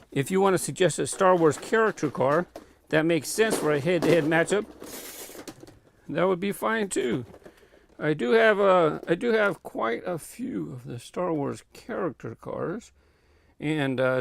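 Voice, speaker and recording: A man's voice: high voice, gravelly. A man casually walking through his toy car collection, rambling and thinking aloud with lots of fillers. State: out of breath. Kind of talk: casual walk-through vlog. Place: home warehouse room.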